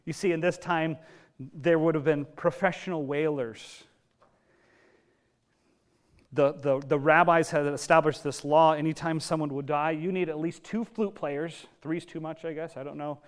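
Lively storytelling male preacher. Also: fairly high pitch, measured pace. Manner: lively storytelling, acting out quotes, casual asides. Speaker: pastor. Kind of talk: sermon.

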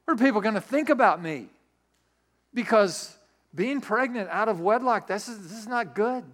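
A man's voice: high voice, animated, normal speed, fairly bright tone, pitched above the performer's own voice. A man preacher voicing a startled young woman who frets and exclaims in disbelief. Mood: panicked. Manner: breathless, exclaiming, fretful. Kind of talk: sermon illustration acting.

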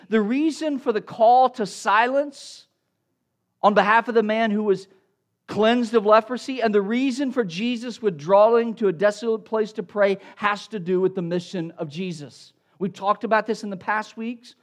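Guy preaching, kinda high voice, lots of rhetorical questions, goes loud then drops low for asides. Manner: rhetorical questions, repeats words when building a point; swings between loud emphatic lines and low, quiet asides. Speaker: pastor. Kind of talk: sermon.

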